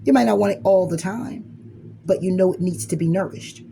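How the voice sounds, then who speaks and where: Gravelly-voiced blunt motivational speaker. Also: medium pitch, brisk, mellow, a little hiss or hum. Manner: emphatic, blunt, swears, acts out inner arguments in quoted voices. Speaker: spiritual reader giving a message. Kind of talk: motivational monologue.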